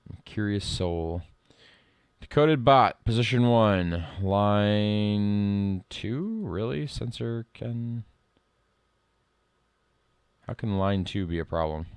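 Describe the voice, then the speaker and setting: A middle-aged man streaming live code work, reading lines aloud and thinking out loud in a casual way. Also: lowish voice, takes it slowly, pauses often, clean tone, no room sound. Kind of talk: casual live-coding commentary.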